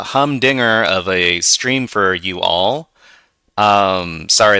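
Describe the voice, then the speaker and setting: A man's voice: on the low side, bright, forceful tone, no room sound. A man hosting a livestream tutorial, talking in a loose, conversational and self-deprecating way. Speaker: host of a hacking livestream.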